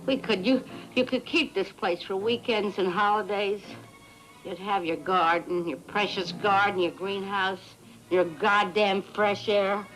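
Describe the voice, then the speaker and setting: An actress playing a drunk, lonely, bitter wife who slurs and breaks into tearful shouting. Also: female voice, medium pitch, fairly even intonation, measured pace, soft background music, natural voice, low-quality recording. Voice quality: slurred, tearful, shouting outbursts.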